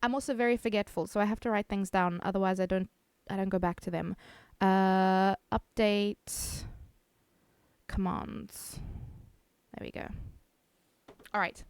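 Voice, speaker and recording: A woman's voice: medium pitch, steady tone, unhurried, smooth, dry recording. A woman streaming live, chatting casually, reading chat aloud and laughing often.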